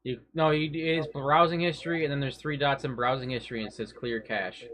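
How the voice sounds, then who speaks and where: Hesitant man trailing off softly. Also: medium pitch, fairly even intonation, a little fast. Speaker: podcast co-host. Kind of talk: casual drunken chat.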